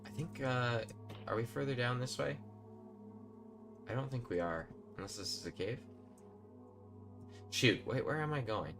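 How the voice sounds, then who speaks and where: A man with a mid-range voice plays a game on a live stream, chatting casually with viewers and rambling as he goes. He speaks a little slowly with frequent pauses, and music plays underneath.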